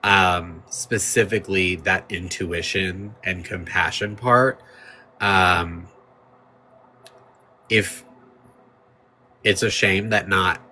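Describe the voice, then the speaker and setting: A man's voice: sits low, fairly even intonation, slow, pauses often, sharp tone, a little hiss or hum. A man hosting a livestream, talking in a loose, rambling way over a playing clip and thanking viewers. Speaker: livestream host. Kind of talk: casual livestream commentary.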